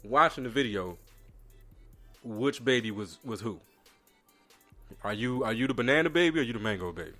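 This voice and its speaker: A man's voice: medium pitch, lively intonation, moderate pace, pauses often, fairly bright tone, soft background music. A man co-hosting a casual podcast, teasing his partner in slangy talk and plugging the show's group. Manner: teasing, plugs the show, slangy. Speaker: podcast co-host.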